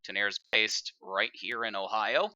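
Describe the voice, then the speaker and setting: Bright-voiced man calling sim races. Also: on the low side, steady tone, muffled recording. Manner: upbeat, broadcast-style delivery with filler pauses. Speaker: sim racing commentator. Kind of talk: play-by-play commentary.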